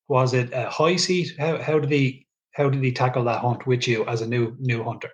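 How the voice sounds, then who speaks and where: Man hosting, relaxed. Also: mid-range voice, normal speed, dull audio. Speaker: podcast host. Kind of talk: conversational interviewing.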